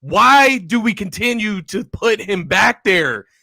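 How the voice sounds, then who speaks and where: An easygoing young man chatting about sports, quick to agree and laugh. His voice is high and very bright. It is recorded close and dry. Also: animated, gravelly, no echo. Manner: laid-back, laughing, agreeable. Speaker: podcast co-host. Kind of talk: casual sports talk.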